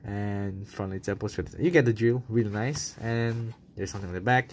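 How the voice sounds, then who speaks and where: A man's voice: on the low side, normal speed. Chatty young man with faint room noise. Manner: chatty, filler-heavy, enthusiastic. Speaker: toy collector reviewer. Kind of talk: casual vlog review.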